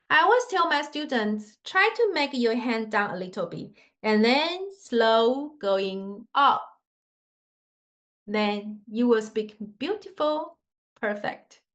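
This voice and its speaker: A woman with a fairly high, fairly bright voice teaches Mandarin tone pronunciation to learners, slowly and patiently demonstrating each one. Her English shows slightly non-native grammar, and the audio is lo-fi.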